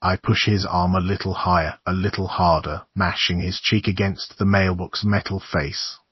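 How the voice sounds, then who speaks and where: A man's voice: deep voice, little pitch movement, moderate pace, breathy edge, dry recording, muffled recording. A man narrating a horror audiobook, reading intensely and dramatically in the first person.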